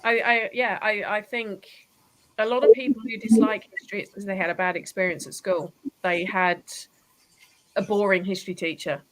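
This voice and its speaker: A woman's voice: medium pitch, moderate pace, low-quality recording. A woman from southern England, a historian guest, chatting enthusiastically on a talk show. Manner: enthusiastic, animated storytelling. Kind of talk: casual interview chat.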